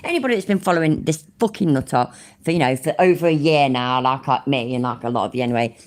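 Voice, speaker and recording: A woman's voice: very deep voice, animated, fast. A woman giving rambling, sarcastic live-stream commentary on a video and swearing freely.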